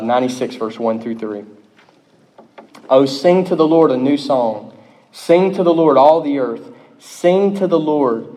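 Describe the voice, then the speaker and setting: A man preaching a sermon in an emphatic manner, often checking in with "okay?" and rising in pitch and volume on key phrases. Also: darkish tone. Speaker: pastor.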